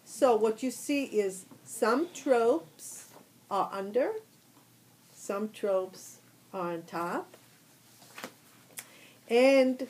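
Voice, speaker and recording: A woman's voice: mid-range voice, expressive, drawn-out words, long pauses, darkish tone, slight background noise, rough recording. A woman teaching a class, explaining patiently and step by step. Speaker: trope teacher.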